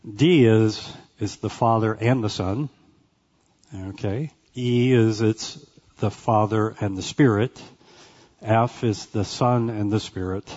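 Low-voiced man teaching a Bible class. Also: darkish tone, dull audio. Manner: conversational, often checks in with "right?" and "okay?"; pauses with "uh" between phrases.

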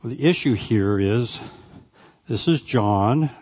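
In a mid-range, slightly mellow voice with lively intonation, a man teaches a Bible class conversationally, often checking in with "right?" and "okay?" and pausing with "uh" between phrases. The audio sounds dull.

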